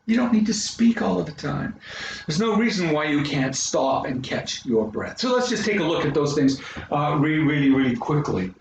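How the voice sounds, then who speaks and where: A Canadian man coaching public speaking, talking dramatically and swooping widely in pitch. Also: sing-song, moderate pace, gravelly, a little hiss or hum. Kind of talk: presentation to an audience. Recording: very echoey room, mic far off.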